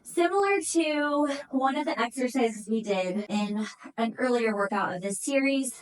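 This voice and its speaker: Recorded from a distance on poor-quality audio, a pilates instructor with a voice on the high side guides a workout. She counts reps aloud and encourages, sounding a bit out of breath.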